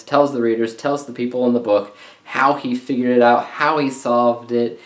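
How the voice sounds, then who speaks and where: Male vlogger, casual book-review chatter, average pitch, room echo on the mic. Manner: chatty and conversational, with frequent "uh" fillers. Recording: roomy echo.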